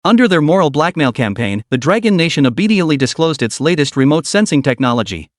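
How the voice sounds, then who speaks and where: A man narrating a story recap in an even, steady reading style. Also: a little high, fast, hardly any pauses, no room sound, clean studio sound.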